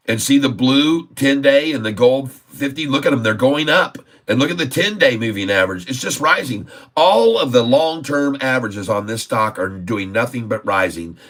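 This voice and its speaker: A man with a medium-pitched, fairly bright voice runs a stock trading livestream. He speaks emphatically in a casual commentary style, circling back to the same points and calling everyone "folks."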